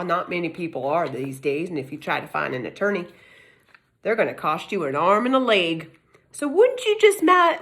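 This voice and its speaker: A middle-aged woman speaks to camera in a put-on Texas drawl, folksy and emphatic. She lectures with rhetorical questions in a fairly high voice. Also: a bit bright. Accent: Texas Southern US, put on. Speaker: self-made legal commentator. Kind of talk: casual monologue to camera. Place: home in California.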